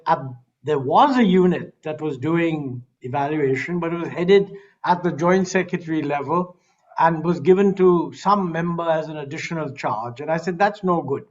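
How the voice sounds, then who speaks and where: A man with an Indian English accent answering a criticism on a panel, measured with frequent hesitations. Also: on the high side, dull audio. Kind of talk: panel discussion.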